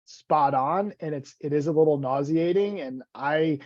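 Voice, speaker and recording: A man's voice: fairly high pitch, unhurried, a little mellow, no room sound. Stammering man guest, dull dry audio. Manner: rambling, stammering restarts, self-deprecating. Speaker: guest, vitality coach. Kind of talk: casual podcast conversation.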